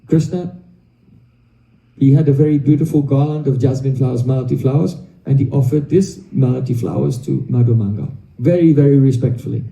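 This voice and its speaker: A man giving a devotional storytelling lecture, acting out the dialogue in an animated way. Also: mid-range voice, brisk, vocal fry. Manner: animated, acts out quoted dialogue, chuckles. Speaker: spiritual teacher. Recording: echoey room, mic at a distance.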